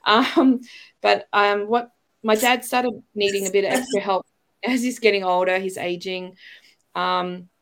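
A middle-aged Australian woman appears as a podcast guest, rambling chattily in a casual interview and laughing lightly between phrases. Her mid-range voice is fairly bright, with fairly even intonation and a measured pace.

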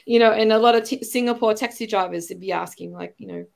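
A middle-aged Australian woman, guesting on a podcast, chats in a rambling, casual interview style with light laughs between phrases. Her voice is fairly high and a bit bright, with vocal fry, and she speaks at a moderate pace.

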